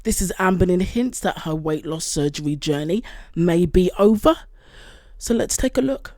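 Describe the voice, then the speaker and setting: Lowish woman ranting casually, lots of ums, dry mic. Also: lively intonation, moderate pace, warm tone, no room sound. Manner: exasperated, rambling with many fillers. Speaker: reaction channel host. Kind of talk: casual commentary.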